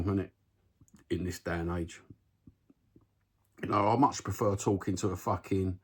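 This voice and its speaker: Cockney bloke ranting to camera, low husky voice, swears constantly, "you know what i mean". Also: male voice, darkish tone. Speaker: vlogger. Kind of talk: casual rant to camera. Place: at home, seated.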